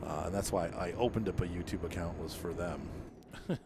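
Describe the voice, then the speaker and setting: Rambling low-voiced man chatting while gaming. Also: brisk, heavy background noise. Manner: meandering, lots of fillers and self-corrections. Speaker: gaming channel host.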